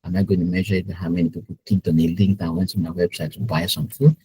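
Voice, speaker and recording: A man's voice: sits low, fairly even intonation, fast talker, warm tone, husky, poor audio. A man giving a live webinar lesson, talking in a conversational way, asking the audience questions and often adding "right?". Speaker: webinar presenter, business intelligence specialist. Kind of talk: live online teaching webinar.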